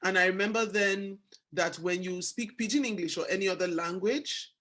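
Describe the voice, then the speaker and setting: A Nigerian woman with a Nigerian accent hosts a casual book club discussion, speaking at medium pitch and a moderate pace. She's an animated storyteller who acts out the quoted exchanges.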